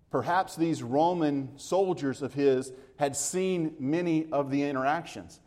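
Male preacher, slightly raised pitch, chatty sermon delivery that acts out the dialogue. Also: darkish tone. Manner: conversational, explaining scripture with everyday comparisons; retells dialogue, acting out the speakers.

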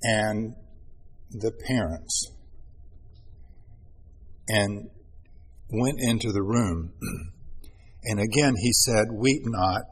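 A man preaching a sermon, reading scripture aloud in an earnest manner and clearing his throat often. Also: on the low side, extremely slow, pauses often.

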